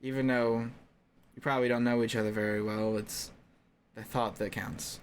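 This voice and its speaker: A man voicing a sarcastic, wry mother in a tabletop game, speaking dryly and softly. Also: medium pitch, little pitch movement, normal speed, slight background noise, natural voice. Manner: dry, sarcastic, soft-spoken.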